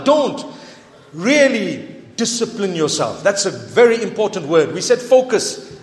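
A man preaching a sermon to a live audience, animated and playful, mixing in Arabic phrases. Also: high-pitched. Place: large hall with audience. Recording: echoey hall, long reverb.

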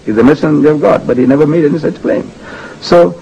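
A man's voice: a little high, quick pace, gravelly, mellow, lo-fi sound, a little hiss or hum. An older man giving a religious lecture, driving his points home with repeated rhetorical questions. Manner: emphatic, repetitive rhetorical questions.

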